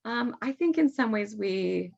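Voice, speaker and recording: A woman's voice: a little high, animated, a little slow, gravelly, a little mellow. A middle-aged mother talking earnestly as a podcast guest, often laughing. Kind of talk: casual interview talk. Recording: dull lo-fi sound.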